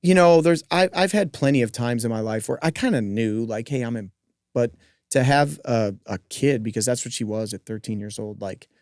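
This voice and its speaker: A man who hosts a podcast and coaches gymnastics, telling a personal story in a lively way with joking asides. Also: mid-range voice, moderate pace, dry recording, clean studio sound. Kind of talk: casual interview storytelling.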